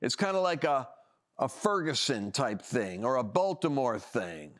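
A man's voice: medium pitch, very animated, a little slow, fairly bright tone. A man hosting a political talk show, delivering opinionated commentary with emphatic, sarcastic emphasis and frequent restarts.

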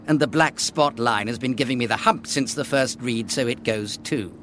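A man's voice: medium pitch, normal speed, fairly bright tone, a little hiss or hum. A man directing a voice actor in a studio, bossy and sarcastic. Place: recording studio.

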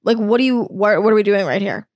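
A woman's voice: mid-range voice, fast, a little mellow, no echo. A young woman hosting a solo podcast, telling a story in a candid, exasperated way and swearing freely. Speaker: podcast host.

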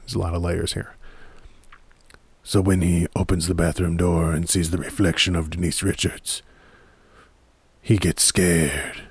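Man, very low voice, dry close sound, casual movie rant, laughs and swears. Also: little pitch movement, measured pace, creaky, pauses often, breathy edge, no room sound. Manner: rambling, irreverent, laughs often, swears casually. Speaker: movie commentator. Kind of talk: casual movie chat to camera. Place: home room in front of a DVD rack.

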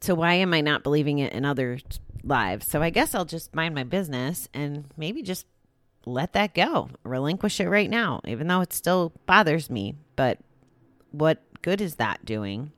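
A woman's voice: sits low, expressive, moderate pace, no room sound. A young woman reading a daily recovery passage, then thinking aloud in a candid, rambling way with lots of "like" and restarts. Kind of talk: reading aloud then casual reflective talk.

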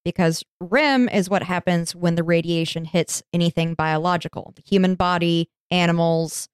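A woman's voice: fairly low pitch, fairly even intonation, normal speed, smooth, no echo, clean studio sound. A woman hosting a podcast, telling a history story in a chatty, informal way and swearing casually. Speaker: podcast host.

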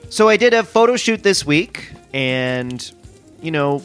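Male comedy co-host, earnest and easily impressed, lively pitch swings, faint music behind. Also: measured pace, smooth. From Canada. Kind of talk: improvised comedy chat.

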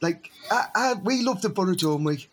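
A man's voice: sits high, animated, moderate pace, slight background noise. A man co-hosting a podcast, ranting and swearing in rambling casual banter. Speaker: podcast co-host.

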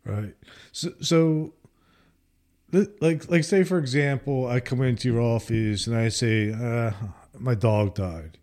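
A man interviewing a counselor, setting up a scenario in an animated way with many "like"s. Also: mid-range voice, a little slow. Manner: animated, hedging with "like", acting out a scenario. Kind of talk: conversational questioning.

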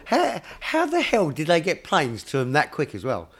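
Animated man retelling film scenes. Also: fairly high pitch, moderate pace, slightly rough. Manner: animated, acts out lines and sound effects. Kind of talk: casual film chat.

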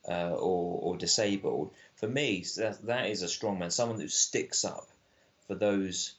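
A man's voice: low voice, measured pace, dull audio. A man, a film director guest, arguing animatedly in casual conversation and often restarting his sentences.

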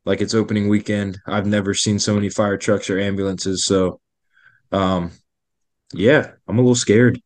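Young man, low voice, easygoing rambling chat, dry mic. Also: level tone, moderate pace, dry recording. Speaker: podcast co-host. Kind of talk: casual chat.

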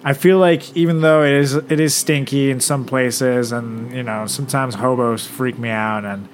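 A man's voice: medium pitch, fairly even intonation, normal speed, noisy background. Rambling, laughing comedian man. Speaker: comedian co-host. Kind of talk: casual comedic chat.

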